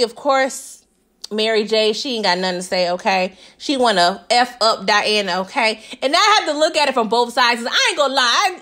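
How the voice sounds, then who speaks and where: Woman recapping a tv show, higher voice, chatty, laughs a lot, keeps going "okay?". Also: fairly bright tone. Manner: slips into voices when quoting characters. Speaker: TV recap vlogger.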